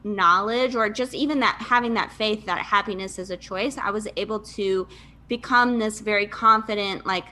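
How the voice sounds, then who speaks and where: A woman's voice: mid-range voice, normal speed, sharp tone. A woman in her thirties from Michigan, a podcast guest telling her life story in a chatty way, laughing often and saying "like" a lot. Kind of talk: casual interview storytelling.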